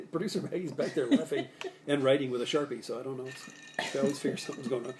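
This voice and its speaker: A man's voice: medium pitch, quick pace, noisy background. A man hosting a live cocktail show, chatting casually and jokily, rambling with restarts and asides as he gives bartending tips. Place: Salt Lake City area.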